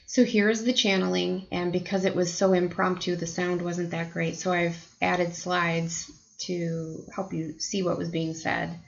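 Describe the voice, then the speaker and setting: A woman's voice: fairly low pitch, flat delivery, unhurried, vocal fry, few pauses, lo-fi sound. An American woman telling a personal spiritual story to camera in a chatty, reflective way. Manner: chatty, reflective, many fillers. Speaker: spiritual vlogger.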